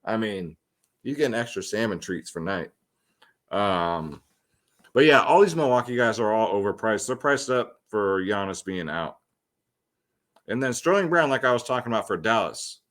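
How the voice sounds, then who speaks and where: A young man runs through fantasy sports picks in a chatty, slang-filled way, with lots of ums and side comments. He speaks at a normal speed in a low, expressive voice that's a bit bright.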